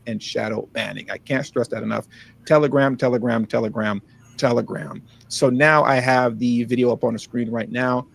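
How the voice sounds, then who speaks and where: A man's voice: medium pitch, steady tone, normal speed, creaky, hardly any pauses, a bit bright. A man hosting a casual livestream commentary, talking in an emphatic, pleading, repetitive way. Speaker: livestream host.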